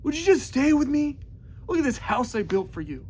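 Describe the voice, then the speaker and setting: A man mocking a clingy, melodramatic young man who pleads loudly and whines in exasperation. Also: high-pitched, quick pace, creaky, a little hiss or hum, pitched above the performer's own voice. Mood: pleading. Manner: whiny, exasperated, loud pleading.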